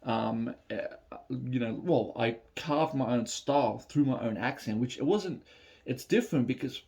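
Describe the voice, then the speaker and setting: A man's voice: mid-range voice, unhurried, vocal fry, mellow. Man, Australian accent, casual reaction chat, rambling, fillers, phone recording. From Melbourne, Australia. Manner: rambling, many fillers and restarts. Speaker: reaction video host.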